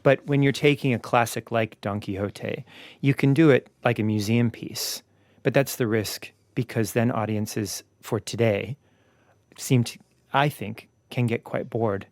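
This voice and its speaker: A man's voice: mid-range voice, measured pace, a little mellow, dry recording. A man with a non-Australian accent being interviewed in a radio studio as a ballet company's artistic director. He speaks reflectively, with frequent ums and you knows.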